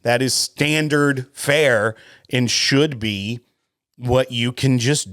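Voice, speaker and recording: A man's voice: mid-range voice, takes it slowly, a bit bright, no room sound. A man co-hosting a casual whiskey podcast, opinionated and joking, with many restarts, on a close studio mic. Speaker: podcast co-host.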